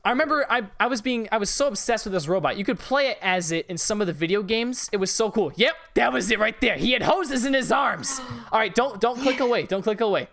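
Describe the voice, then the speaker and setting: Young man telling a story, animated and profane. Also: sits high, brisk, creaky, hardly any pauses. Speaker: podcast host. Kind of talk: casual storytelling chat.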